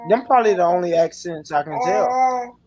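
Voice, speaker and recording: A man with a husky voice in casual chat, easygoing and laughing through his words. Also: sits high, lively intonation, moderate pace, over music.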